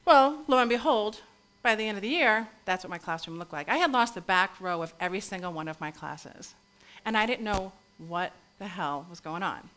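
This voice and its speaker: A woman's voice: medium pitch, pushed and bright. A middle-aged woman who runs a recovery school, telling a candid story on stage with lots of fillers and asides. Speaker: educator, recovery school leader. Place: stage at a live talk event.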